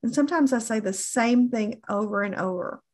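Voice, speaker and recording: A middle-aged woman coaching on phone sales in an earnest, deliberate way, often repeating herself for emphasis. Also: on the high side, a little mellow. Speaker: insurance sales trainer.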